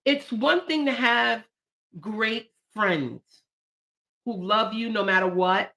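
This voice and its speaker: A woman in her late forties hosting a live stream, talking warmly and emotionally about her poetry book and the people she dedicated it to. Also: fairly high pitch, slow. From United States. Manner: heartfelt, emotional, animated bursts. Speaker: channel host and poet.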